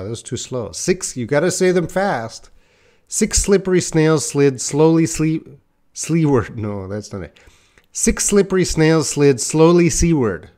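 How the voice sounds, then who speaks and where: A man teaching a live online English lesson, trying tongue twisters, joking with viewers and laughing at his own mistakes. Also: mid-range voice. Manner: chats with viewers reading their comments.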